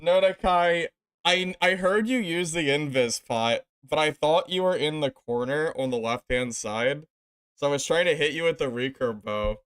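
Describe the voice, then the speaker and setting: A young man commenting casually while playing a game, swinging between loud laughing disbelief and low exasperated muttering. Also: moderate pace, clear, resonant tone, no echo. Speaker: game streamer.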